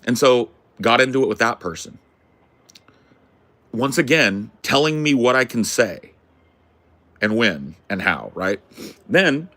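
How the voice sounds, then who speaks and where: A man's voice: medium pitch, bright, forceful tone. Brash, profane man telling a story. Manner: punctuates points with "right?". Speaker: podcast host. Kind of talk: casual storytelling rant.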